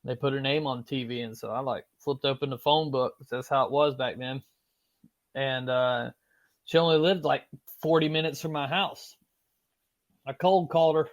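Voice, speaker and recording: Podcast guest: Southern US man from Florida, mid-pitched, loose and animated storyteller with filler words. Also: normal speed. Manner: animated, with frequent fillers and swearing. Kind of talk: casual storytelling.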